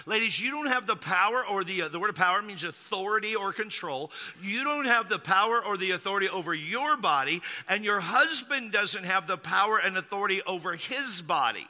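A pastor from Texas preaches with emphatic stress, often repeating key lines. His voice is high and very bright, and it rings with the long reverb of a large hall. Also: expressive, brisk, hardly any pauses. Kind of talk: sermon.

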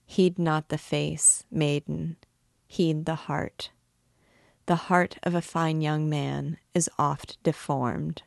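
Woman reader doing a low, slow, grieving deaf hunchback; quiet and gruff, dry close mic. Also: fairly even intonation, dry recording, heavily acted. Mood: tender. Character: deaf hunchbacked bell-ringer, gruff and sorrowful man.

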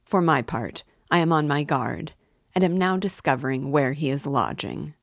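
A pompous middle-aged official lays out his case in formal, self-satisfied sentences, read by a woman. The voice sits low and unhurried. The sound is dry and close. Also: gravelly, no room sound. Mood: measured. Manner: formal, measured, self-important.

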